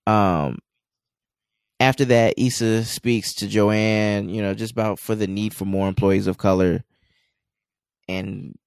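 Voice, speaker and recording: A man's voice: on the low side, steady tone, slow, creaky, pauses often, clean tone, no echo, studio quality. A man co-hosting a podcast, casually recapping an episode with a rambling delivery full of filler words. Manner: rambling, many "you know" fillers. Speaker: podcast co-host.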